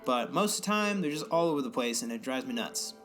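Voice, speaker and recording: A man's voice: medium pitch, animated, fast, fairly bright tone, soft background music. A young man co-hosting a podcast, ranting casually with lots of swearing and mocking impressions of other people. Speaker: podcast co-host. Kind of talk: casual profane rant.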